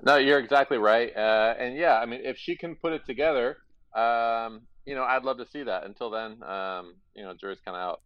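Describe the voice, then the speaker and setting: A man's voice: medium pitch, normal speed, no echo. Man, casual sports chat, hesitant, muffled dry recording. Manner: relaxed, hesitant with fillers. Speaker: tennis podcast co-host. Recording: dull dry sound.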